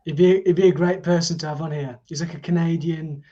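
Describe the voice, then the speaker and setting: A man's voice: fairly high pitch, steady tone, a little fast, dark tone, highs cut off. A man being interviewed as a guest, talking in an easygoing, reflective way. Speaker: festival organiser and guest. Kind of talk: casual interview chat.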